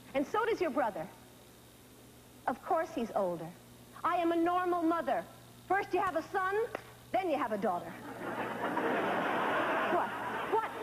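A woman's voice: high-pitched, a little hiss or hum, low-quality recording. A frantic, stammering mother. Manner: frantic, stammering, exasperated, talking to an unseen child. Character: frazzled middle-aged mother of a teenage daughter. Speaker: stage actress in a one-woman show. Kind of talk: theatrical stage monologue. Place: theater stage.

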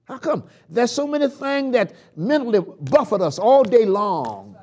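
A man preaching a live church sermon, swinging from loud shouts down to hushed murmurs and leading the congregation in call-and-response chants. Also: high-pitched, very animated, moderate pace, few pauses. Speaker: pastor. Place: church sanctuary.

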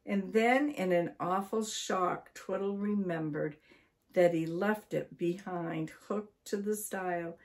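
An older woman from Maine reads a children's story aloud. She takes it slowly and deliberately, pausing between phrases. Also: lowish voice. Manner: slow, deliberate reading.

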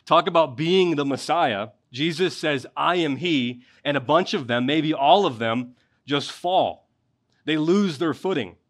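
A man's voice: fairly high pitch, unhurried. Man preaching a passionate sermon. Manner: expository preaching, rising in intensity at key points. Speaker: pastor.

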